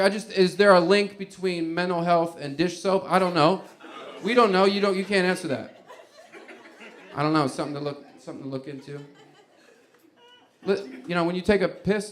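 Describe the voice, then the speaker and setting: A man's voice: high-pitched, a bit bright. A man doing stand-up, musing in a rambling, incredulous way and swearing. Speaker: stand-up comedian. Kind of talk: stand-up set.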